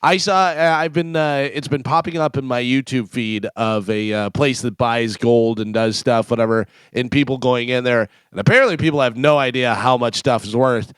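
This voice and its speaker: A man's voice: mid-range voice, moderate pace, few pauses, smooth, dry recording. A man co-hosting a radio show, telling stories in casual chat and acting out the people in them. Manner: storytelling, acts out quotes. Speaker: radio co-host. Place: radio studio.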